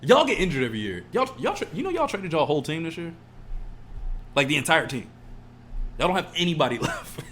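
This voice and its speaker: An emotional man rants on a casual podcast, swearing freely. His pitch swings widely and sits a bit high. A faint hum runs underneath. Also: big pitch swings, fairly quick, pauses often, fairly bright tone. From California. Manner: emotional, swears a lot, ranting. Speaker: podcast co-host. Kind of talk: casual chat.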